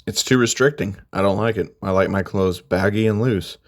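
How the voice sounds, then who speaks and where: A man's voice: lowish voice, moderate pace, natural voice. A man voicing a blunt, cocky teenage boy hero who teases offhandedly, in a spoken fan story. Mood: dry.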